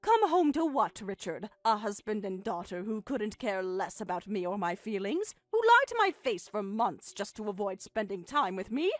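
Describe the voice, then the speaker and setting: A woman's voice: medium pitch, big pitch swings, moderate pace, hardly any pauses, dry recording, soft background music, natural voice. Synthetic female voice as a bitter, wounded mother. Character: hurt, bitter middle-aged mother and wife. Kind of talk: text-message story narration.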